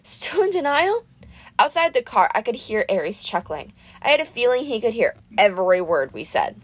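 A woman narrating a first-person audiobook in an expressive, storytelling manner. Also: medium pitch, fairly quick, dry recording.

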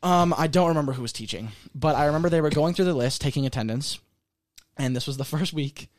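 A young man co-hosting a casual podcast chat, animated and quick to argue while telling stories. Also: on the high side. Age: young adult. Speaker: podcast co-host.

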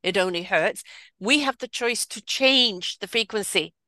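A woman's voice: mid-range voice, measured pace, sharp tone, no echo. A woman hosting a casual spiritual conversation over a video call, speaking earnestly and emphatically, often repeating her phrases. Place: home, remote from guest.

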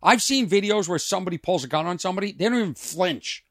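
High-pitched guy ranting on his podcast, rhetorical questions, dead dry room. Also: expressive, fast talker, hardly any pauses, fairly bright tone, no echo. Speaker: podcast host and comedian. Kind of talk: casual monologue. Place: trailer outside his home.

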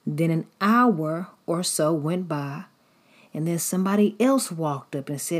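A woman's voice: low-pitched, animated, unhurried. A woman preacher giving a sermon in a repetitive, rhythmic cadence.

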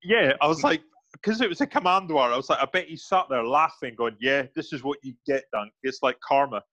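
A man's voice: mid-range voice, fairly quick, dry recording. A man, a former soldier, recounts his service in a loose, chatty interview. He acts out the voices of the people in his stories and often stops and restarts mid-sentence. The recording is dry, close and a little dull. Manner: animated anecdotes with quoted voices, many restarts. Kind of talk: casual storytelling interview.

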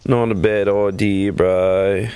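A man voicing a small but bold male hero in a tabletop game, with a slow drawl. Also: fairly low pitch, little pitch movement, a little mellow, clear, resonant tone, dry recording, voice pushed down. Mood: laid-back. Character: tiny bold male hero, laid-back.

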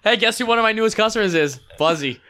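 A high, lively man's voice that jumps around in pitch. He talks quickly in casual podcast chat and laughs often. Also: no echo, clean studio sound. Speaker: podcast co-host, barber.

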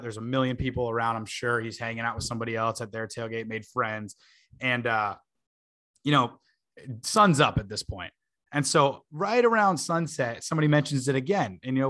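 A man's voice: medium pitch, fairly quick, pushed and bright. A man in his twenties, a podcast host, telling a long story in a casual way, full of fillers and laughing asides.

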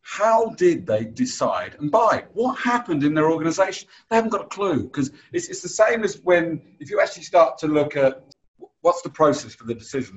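Chatty male podcast host, dull audio. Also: medium pitch. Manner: chatty, anecdotal, laughs easily. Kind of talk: casual podcast interview.

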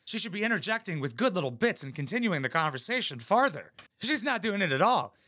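Mocking a reality show in crude, casual, profane chatter, a man fires off blunt put-downs in a bright, forceful, slightly high voice. He talks quickly in a sing-song way, and the recording is close and dry with no room sound.

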